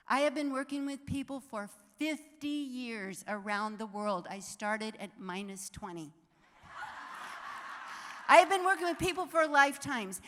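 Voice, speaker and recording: An older woman speaks to a live audience in a big hall, her voice pitched a little high and bright, with a long reverb trailing each phrase. She exhorts her listeners with lively energy and laughs often. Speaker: author and inspirational speaker. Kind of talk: live motivational talk to an audience.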